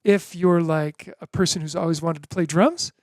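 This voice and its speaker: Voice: mid-range voice, fairly even intonation, moderate pace, a little mellow, no room sound, clean studio sound. A drum teacher giving a beginner lesson in an encouraging way, chanting drum syllables in rhythm.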